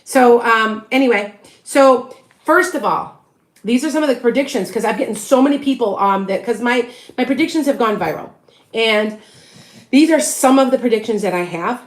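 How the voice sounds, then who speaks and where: A woman's voice: on the high side, moderate pace. A woman with a Chicago accent, a psychic medium talking casually on a livestream, chatty and self-assured, rambling from one thought to the next into a phone on a stand. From US Midwest. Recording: roomy echo.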